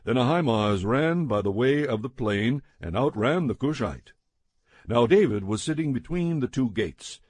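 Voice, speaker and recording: A man reading scripture aloud in a measured, steady narration. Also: medium pitch, slightly rough, dry recording. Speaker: scripture reader.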